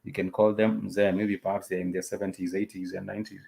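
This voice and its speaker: A man with a low, gravelly voice teaches an informal language lesson. He says each word several times and fills the gaps with hesitant pauses. His delivery is patient and conversational. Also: flat delivery, heavy background noise. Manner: repeats words and phrases slowly, many "uh" pauses. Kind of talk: casual spoken lesson.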